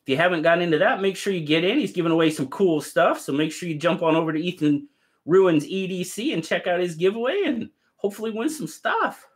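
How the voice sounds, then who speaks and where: A man's voice: high-pitched, quick pace. A man hosting a casual live stream, cheerfully greeting viewers by name and chatting about their gear.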